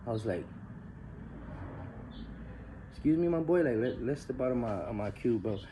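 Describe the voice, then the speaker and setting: A man's voice: medium pitch, lively intonation, fast, warm tone, a little hiss or hum. A man telling a story in a casual, slangy and profane way, dropping in Spanish words and calling the listener "G" and "bro". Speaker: storyteller recounting prison life.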